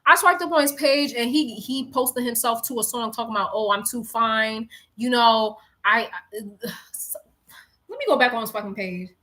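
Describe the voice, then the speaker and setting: Young woman from New York, high voice, bright and sharp, casual storytime chat, swearing, slangy asides to viewers. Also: normal speed. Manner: animated, swears freely, slangy asides to "girl" and "y'all". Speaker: live-streaming storyteller.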